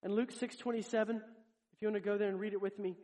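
High-voiced earnest male preacher. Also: fairly even intonation, fast talker, a little mellow. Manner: earnest, speaks directly to the congregation. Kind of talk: sermon.

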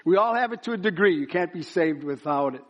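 A man's voice: fairly high pitch, animated, quick pace, lo-fi sound. A man preaching a sermon at a church service, building up to emphatic repeated phrases. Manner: builds to emphatic chanted repetition.

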